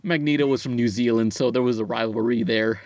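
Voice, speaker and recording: A man's voice: mid-range voice, fairly even intonation, fairly quick, darkish tone. A man co-hosting a podcast, chatting casually and laughing easily. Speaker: podcast co-host.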